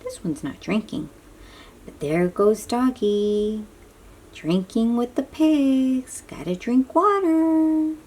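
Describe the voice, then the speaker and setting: A woman reading a picture book aloud to young children, gentle and often dropping to a soft whisper, asking them questions as she goes. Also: mid-range voice, animated, takes it slowly.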